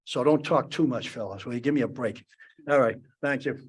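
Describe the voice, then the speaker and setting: A man's voice: mid-range voice, a little fast, slightly rough. A man, telling a rambling anecdote as a panelist. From Boston area. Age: 70s. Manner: rambling anecdotal talk with many restarts. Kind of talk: storytelling on a panel. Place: conference panel.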